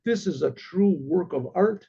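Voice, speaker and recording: Grand king, stately delivery, warm low-bright tone; a man puts him on. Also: expressive, measured pace, creaky, highs cut off, slight background noise, heavily acted. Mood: admiring. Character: grand, easily stirred male king.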